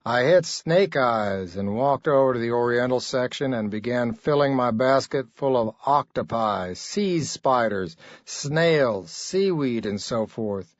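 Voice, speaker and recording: A man's voice: medium pitch, lively intonation, unhurried, few pauses, no echo, lo-fi sound. Man narrating with laconic dryness. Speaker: audiobook narrator. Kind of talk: scripted narration.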